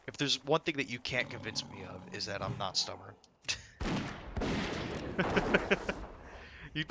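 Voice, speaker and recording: A streamer with a lowish voice tells a rambling, profane story while playing a game, laughing often. It's casual storytelling against a noisy background.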